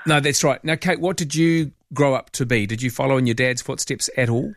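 A man's voice: medium pitch, brisk, dry recording, clean studio sound. A man hosting a talkback radio show, chatting casually and joking around. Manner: playful, jokey, lively asides. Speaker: radio host. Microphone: studio microphone.

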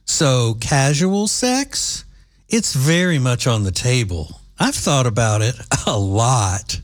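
A man's voice: medium pitch, very animated, slow. A man hosting an opinion commentary show, sarcastic and scornful in his asides. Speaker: political commentator.

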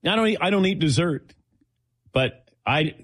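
Fielding audience questions, a middle-aged show host relates a chatty personal story and acts out the voices of people he quotes. His voice is fairly high and fairly bright, expressive, at normal speed. The recording is clean studio sound with no echo.

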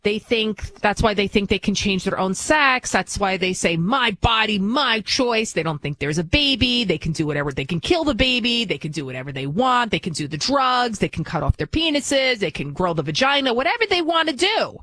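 A woman's voice: mid-range voice, big pitch swings, a little fast, hardly any pauses, a bit bright, no echo. A woman who hosts a news show talks in a blunt, outspoken and opinionated casual monologue. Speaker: news TV host.

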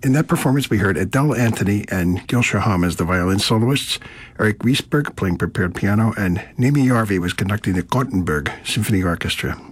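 A man hosting a classical music radio show, presenting pieces and performers in a measured, explanatory way. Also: fairly low pitch, animated, slightly rough.

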